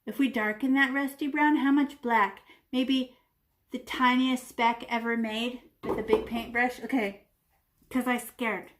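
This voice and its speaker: A woman leads a children's painting lesson, describing each brushstroke as she makes it. Her voice sits a little high and stays playful, with whooshes and small sound effects as she demonstrates. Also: steady tone, measured pace, a bit bright. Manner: talks while painting, demonstrating step by step. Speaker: art teacher.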